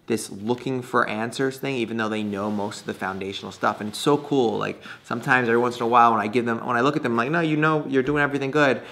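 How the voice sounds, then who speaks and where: A man's voice: fairly low pitch, sharp tone. A man speaking as a poker coach in a casual monologue, chatty and laughing often, with many restarts and fillers. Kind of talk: casual talking-head monologue.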